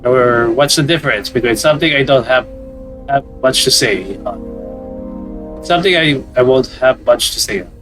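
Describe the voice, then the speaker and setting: A reserved, guarded catgirl woman from a visual novel, read out by a man in his own mid-pitched voice. She speaks plainly and without hurry, over soft game music. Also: moderate pace, close to an everyday voice. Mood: thoughtful. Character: reserved young catgirl woman, guarded about her past. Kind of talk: reading visual novel dialogue aloud.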